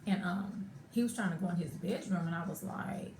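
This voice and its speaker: A woman's voice: on the low side, fairly quick. Woman chatting a storytime vlog, lots of slang and cussing, roomy echo, a little noise behind. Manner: animated retelling, acts out quotes, swears freely. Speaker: vlogger. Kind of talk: casual storytime. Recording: echoey room.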